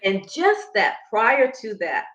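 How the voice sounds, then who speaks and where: A woman's voice: a little high, sing-song, slow, fairly bright tone, muffled recording. Woman breathing coach, emphatic, instructive, echoey room. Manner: emphatic, instructive, demonstrating as she explains. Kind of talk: conversational interview.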